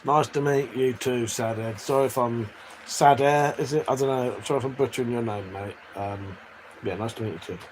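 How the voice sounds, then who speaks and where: This English live streamer has a mid-range voice, talks a little fast, and comes through a rough recording with faint background noise. His chat is casual and crude, full of laughter and read-out chat messages.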